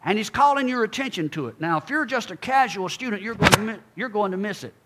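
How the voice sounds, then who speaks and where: A man preaching a sermon, speaking emphatically and calling out to his congregation, then dropping low and quiet for asides. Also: expressive, fast, heavy background noise.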